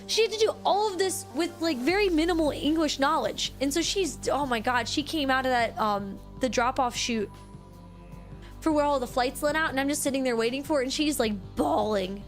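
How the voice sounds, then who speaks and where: A young woman streamer telling a story to her chat in a casual, animated way, restarting sentences often. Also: high-pitched, normal speed, soft background music. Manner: animated, excitable, lots of restarts and "like".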